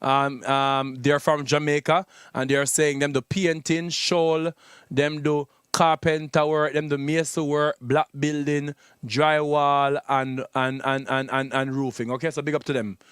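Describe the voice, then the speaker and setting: A man's voice: on the high side, level tone, measured pace, fairly bright tone, clear, resonant tone, no room sound, clean studio sound. A man hosting a radio entertainment news show, chatting playfully and loosely with frequent restarts. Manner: playful, loose and rambling, with many restarts and laughs. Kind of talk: casual entertainment news chat.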